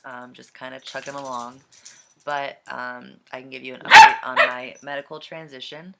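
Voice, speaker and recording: A young man vlogging casually from home, with a slightly scratchy, gravelly voice and a hesitant way of talking full of ums. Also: mid-range voice, level tone, moderate pace. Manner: hesitant, many ums and trailing thoughts. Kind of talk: casual vlog chat. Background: dog and cat noises.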